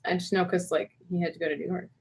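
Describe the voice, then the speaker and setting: A woman's voice: on the low side, quick pace, husky. A woman co-hosting a livestream, talking casually and chattily with frequent ums and restarts. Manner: chatty, lots of fillers and restarts, lively. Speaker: co-host.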